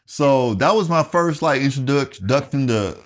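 A man's voice: medium pitch, moderate pace. A middle-aged man with a Southern US accent, a retired Air Force guest telling stories casually, profane and acting out quotes. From South Carolina, USA. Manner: animated, profane, acts out quotes in raised voice. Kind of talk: casual storytelling interview.

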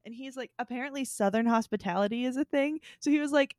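A woman's voice: high voice, fast, few pauses, dry recording, studio quality. A young woman co-hosting a casual chat podcast, telling stories and acting out quoted voices. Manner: chatty storyteller, bright quoted voices. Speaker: podcast co-host.

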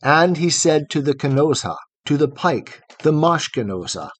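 A man narrating a long poem in a measured, rhythmic recitation. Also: mid-range voice, dry recording. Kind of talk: scripted poetry reading.

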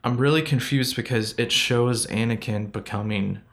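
A man's voice: medium pitch, moderate pace, fairly bright tone. A man co-hosting a casual chat, recapping a story and laughing easily. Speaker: podcast co-host.

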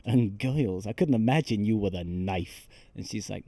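Man, dry deadpan podcast banter. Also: lowish voice, normal speed, no room sound. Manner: joking, deadpan storytelling with swearing. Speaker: podcast co-host. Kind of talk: casual chat, recapping a film.

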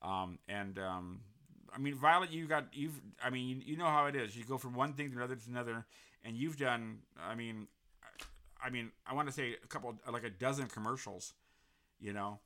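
Guy hosting a chat show, bright tone, keeps restarting his sentences. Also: mid-range voice, a little fast. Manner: rambling, many restarts and fillers. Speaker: podcast host. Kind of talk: casual interview chat.

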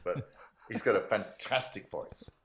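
A male voice actor as a podcast guest, chatting casually and telling stories with animated delivery. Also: lowish voice, unhurried. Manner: animated storyteller, acting out quotes.

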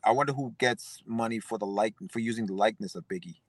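A man's voice: fairly low pitch, quick pace, no room sound. A man co-hosting a casual chat, easygoing and fond of repeating himself. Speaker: podcast co-host.

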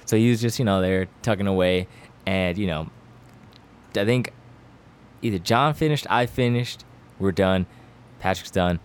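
A man's voice: low voice, normal speed, long pauses, a little hiss or hum. A man casually telling crude, slangy stories among friends on a podcast, laughing between lines. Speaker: podcast storyteller.

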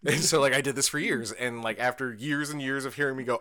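A man's voice: medium pitch, steady tone, fast, few pauses, sharp tone. A young man co-hosting a podcast, chatting casually, swearing and joking at his own expense, often breaking into laughter. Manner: laughing, profane, self-mocking. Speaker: podcast co-host. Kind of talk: casual chat.

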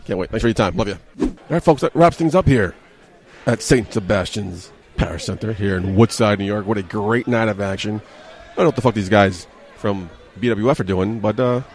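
A man's voice: lowish voice, brisk. A man hosting a wrestling show, interviewing wrestlers and wrapping up in a chummy, casual way. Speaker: host, ring-side interviewer.

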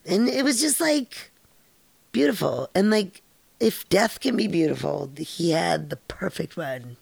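Podcast host, middle-aged woman, low gravelly voice, frank rambling storyteller, dry close sound. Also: animated, unhurried, no room sound. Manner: rambling, frank, laughs often, swears casually. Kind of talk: casual storytelling.

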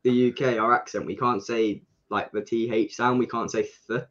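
A young man speaks with a Kent English accent in a relaxed podcast chat. He explains things at length, restarting sentences and leaning on fillers. His voice comes over a dull, lo-fi connection at an ordinary middle pitch. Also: normal speed. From England, Kent. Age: young adult. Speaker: guest, junior supersport racer.

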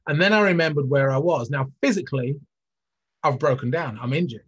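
A man's voice: fairly high pitch, a little fast, a bit bright, slightly rough. A middle-aged man, a former athlete, telling his story candidly and earnestly as an interview guest, with many fillers and restarts. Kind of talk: reflective storytelling in conversation. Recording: dull lo-fi recording.

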